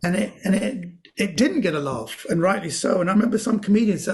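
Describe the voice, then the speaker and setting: Gravelly animated male comedian. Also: high-pitched, fast talker, hardly any pauses. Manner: animated anecdotes with quoted voices. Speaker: comedian guest. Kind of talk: podcast interview storytelling.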